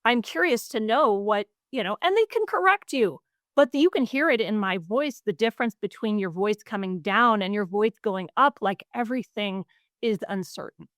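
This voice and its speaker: A woman co-hosting a podcast, giving speaking advice in a conversational way and acting out example phrases with swooping pitch. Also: lively intonation, moderate pace, no room sound, studio quality. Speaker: podcast co-host. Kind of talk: conversational coaching talk.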